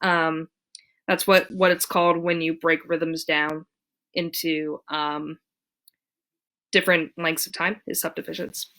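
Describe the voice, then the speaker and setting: A woman giving a casual ukulele lesson, talking in a relaxed way with many fillers and counting beats aloud. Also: deep voice, a little slow, pauses often. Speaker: ukulele teacher. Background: ukulele strumming.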